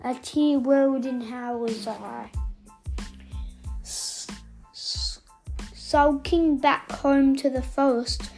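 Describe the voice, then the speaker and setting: A woman reading a children's story aloud in an expressive, playful way. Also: sits high. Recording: faint background music.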